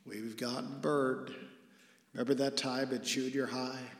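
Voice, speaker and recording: Male pastor, slow deliberate sermon delivery, earnest with hushed emphasis, long hall reverb. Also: medium pitch, steady tone. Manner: earnest preaching, dropping to a hush for emphasis.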